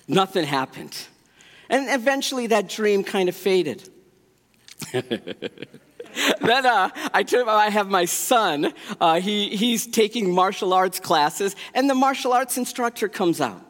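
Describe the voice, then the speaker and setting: A man preaching a sermon and telling personal stories, swinging between loud bursts and quiet asides. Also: a little high. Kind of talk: sermon storytelling. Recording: long hall reverb.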